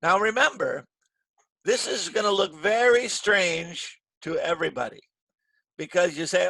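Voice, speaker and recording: Gravelly male teacher on a video call. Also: high voice, expressive, unhurried, sharp tone, no room sound. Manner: patient, checks in with "right?" often. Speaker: English teacher. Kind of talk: online grammar lesson.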